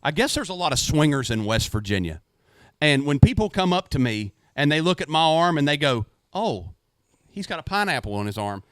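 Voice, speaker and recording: A middle-aged man, a retired Marine, co-hosting a casual podcast chat with profane, animated storytelling. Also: on the high side, fairly quick, smooth, no echo. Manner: profane, animated, acts out shouting.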